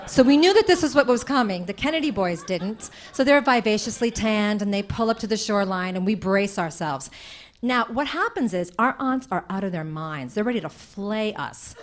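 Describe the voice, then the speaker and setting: A young woman telling a comic personal story on stage, animated and chatty, with many fillers. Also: mid-range voice, normal speed.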